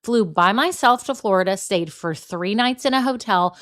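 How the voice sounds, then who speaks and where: Hosting her own motivational podcast, this middle-aged woman from Texas speaks with a Southern American accent at a moderate pace, her medium-pitched voice a bit bright. She's chatty and encouraging, often saying "y'all" and "right."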